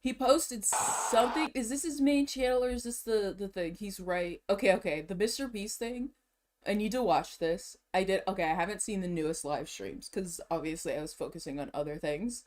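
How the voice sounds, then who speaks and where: A woman streamer chatting casually to herself while shopping and browsing online, excitable and slangy, laughing often, a bit out of breath. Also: mid-range voice, normal speed, slight background noise.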